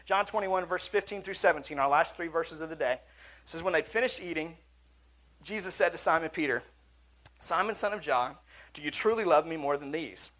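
A man's voice: fairly high pitch, brisk, fairly bright tone. A male pastor preaching a sermon in a church auditorium, earnest and conversational, with asides and restarts.

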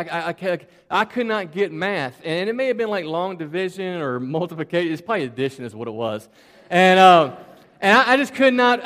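A man with a high voice preaches to children in a church. He tells his stories in a chatty, animated way and often repeats words. A long reverb from the large hall trails his voice. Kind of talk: children's sermon storytelling.

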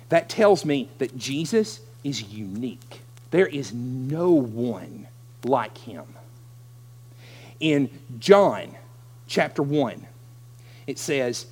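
A man's voice: mid-range voice, husky. A man preaching a sermon, acting out the voices in the scripture he reads. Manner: animated, acts out scripture voices. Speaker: pastor.

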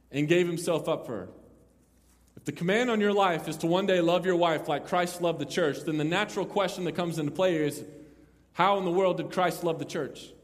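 Young guy preaching, slightly high voice, jokey asides then loud punchy emphasis, big hall echo. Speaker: pastor. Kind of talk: sermon. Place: large room with an audience. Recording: long hall reverb.

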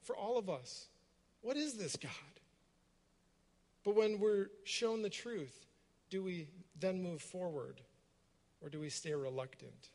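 A man's voice: high voice, expressive, takes it slowly, pauses often, a little mellow, in a large hall. A man preaching a sermon to a congregation, retelling a story in a reflective way and asking many rhetorical questions. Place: room with a gathered congregation.

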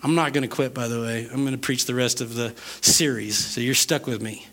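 A man's voice: medium pitch, fairly even intonation, fairly quick, sharp tone. A man preaching a sermon, chatty and joking in asides to the congregation. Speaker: pastor.

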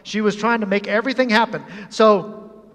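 A high-pitched male pastor preaches with animated humor, acting out the scenes of his story. His voice carries through a church sanctuary with a long, ringing hall reverb. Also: moderate pace. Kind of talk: sermon.

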